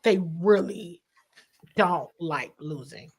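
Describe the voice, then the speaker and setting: A woman sports reporter chatting as a podcast guest, telling stories with lively quoted asides, in a casual style. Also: lowish voice, slow pace, slightly rough. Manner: animated storyteller, quotes people in voices.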